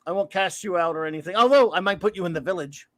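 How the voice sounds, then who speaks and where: A man with a notably high voice runs a relaxed livestream. He cracks jokes at his own expense and rambles through greetings with plenty of fillers and false starts. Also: fast talker. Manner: jokey, self-deprecating, rambling with fillers. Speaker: livestream host. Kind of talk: casual livestream chat.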